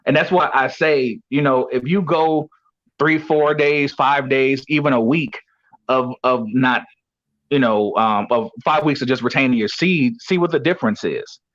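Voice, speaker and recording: A man's voice: medium pitch, measured pace, a bit bright. A man talking as a guest coach who once played pro football, telling stories casually and filling gaps with "you know". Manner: rambling, heavy with "you know" fillers. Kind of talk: casual storytelling. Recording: dull lo-fi audio.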